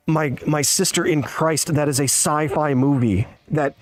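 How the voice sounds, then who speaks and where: A man's voice: a little high, normal speed, dry recording, faint music behind. A man hosting a live stream, ranting casually in a sarcastic, exasperated way. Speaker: streamer host.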